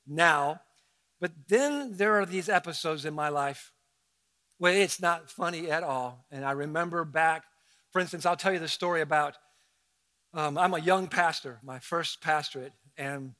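A middle-aged man from Southern Ohio, a pastor preaching a sermon in a conversational, animated storytelling way with self-mocking asides. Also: sits high.

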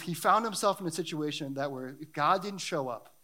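A man's voice: fairly high pitch, fairly quick, sharp tone. A man preaching a sermon and reading scripture, talking in an earnest, emphatic way that builds in intensity.

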